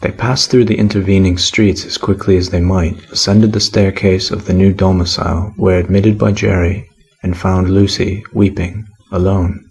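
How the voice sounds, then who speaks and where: Male audiobook narrator, low and husky, measured classic-novel reading. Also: little pitch movement, a little mellow, rough recording.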